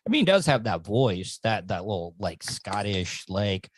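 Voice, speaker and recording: A man hosting a podcast in casual interview chat, rambling with quick asides and easy laughs. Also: lowish voice, big pitch swings. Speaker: podcast host.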